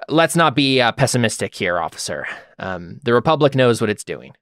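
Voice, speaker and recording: Steady fleet commander, played by a game master, measured and assured, mid pitch, dry sound. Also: male voice, no room sound. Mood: reassuring. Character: calm confident male Republic commander.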